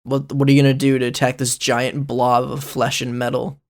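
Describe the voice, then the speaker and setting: A man's voice: mid-range voice, monotone, brisk. A man narrating as game master of a comedic tabletop game, rambling and playful.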